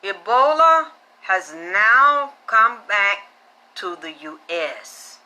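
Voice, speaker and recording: A woman's voice: mid-range voice, extremely slow. Blunt, foul-mouthed woman spiritual reader. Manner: animated, blunt, swears freely. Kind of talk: casual profane storytelling.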